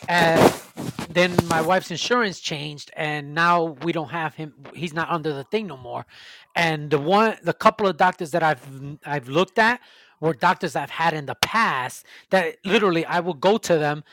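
A man's voice: fairly high pitch, moderate pace, noisy background. A man, telling a long, profane, ranting story in a casual chat.

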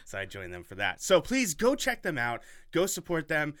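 A man's voice: fairly high pitch, wildly swooping pitch, moderate pace, sharp tone, no room sound, studio quality. A man hosting a podcast in casual chat, rambling and enthusiastic with lots of fillers. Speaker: podcast host.

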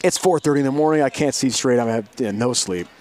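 A man's voice: medium pitch, fast talker, a little mellow. A middle-aged man, a sports broadcaster, telling a long travel story in an interview, acting out quoted voices and laughing often.

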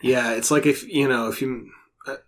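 A man's voice: mid-range voice, fairly even intonation, moderate pace, a bit bright. A man in a casual podcast chat who hesitates and restarts as he works out his point.

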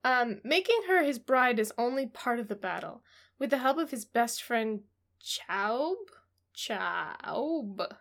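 A woman's voice: a little high, very animated, takes it slowly, fairly bright tone. A woman co-hosting a comedy podcast, reading romance blurbs aloud in a wry, giggly, mock-dramatic way. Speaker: podcast co-host.

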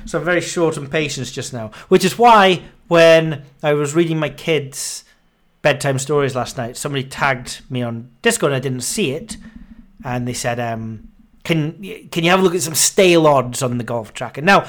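A man's voice: on the high side, moderate pace, fairly bright tone. A man in his thirties hosting a podcast, out of breath, rambling and grumbling with self-mocking humor. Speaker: podcast host. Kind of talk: casual monologue.

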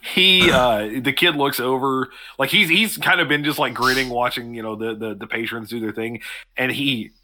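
A man's voice: medium pitch, steady tone, moderate pace, pushed and bright, slight background noise. A man narrating a tabletop game as game master, loose and rambling, often laughing.

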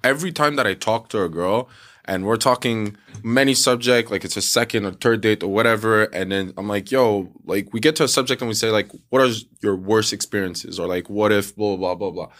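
Animated man telling stories, filler-heavy. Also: on the low side, brisk. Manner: animated storyteller, acts out quotes, many "like" fillers. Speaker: podcast co-host. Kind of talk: casual podcast storytelling.

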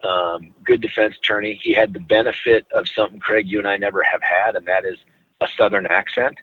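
A middle-aged man, a former prosecutor, telling a case story in a measured, deliberate way during an interview. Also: fairly low pitch, steady tone, breathy edge, no echo. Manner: measured, deliberate, stretches words for emphasis. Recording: tinny phone-like line.

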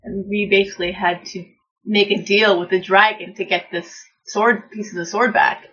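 A woman in casual chat, recapping a live-action game in a measured, matter-of-fact way. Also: medium pitch, fairly even intonation, a bit bright. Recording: dull lo-fi recording with faint noise.

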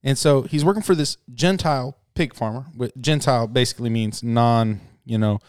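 A man's voice: mid-range voice, normal speed, clean tone, no room sound, clean studio sound. A man co-hosting a podcast, retelling a parable in casual chat, acting out the voices and laughing often. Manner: animated storyteller, acts out voices, laughs often. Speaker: podcast co-host.

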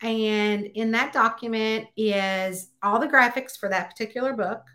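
Bright, chatty woman author. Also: fairly even intonation, unhurried. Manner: chatty storyteller, acts out dialogue with high exclamations. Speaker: guest author. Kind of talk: casual podcast interview.

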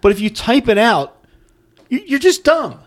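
A man's voice: very high-pitched, very animated, moderate pace. A man co-hosting a casual podcast, opinionated and ranting, reading out listener messages. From US East Coast. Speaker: podcast co-host.

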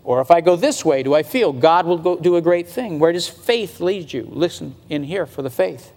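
High-voiced man preaching in a hall. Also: a little mellow. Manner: conversational preaching, slows to stress points, rises in pitch when emphatic. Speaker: pastor. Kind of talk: sermon.

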